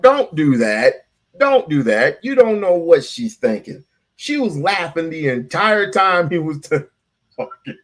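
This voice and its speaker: A man hosting a casual reaction show, blunt, profane and sarcastic. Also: a little high. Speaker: show host.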